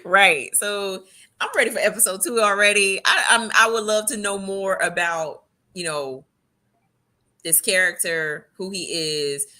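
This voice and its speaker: Woman co-host, bright voice, chatty and laughing a lot. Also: medium pitch, measured pace. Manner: animated, laughs often, fillers. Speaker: podcast co-host. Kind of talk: casual chat.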